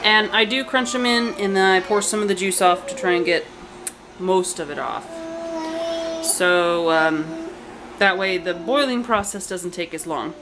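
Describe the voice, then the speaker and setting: A woman's voice: on the low side, measured pace. Woman, home cooking vlog, casual rambling chat, kitchen, noisy home video. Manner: chatty, rambling, with fillers and asides to a child. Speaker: home cook and channel host. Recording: home video with noticeable background noise.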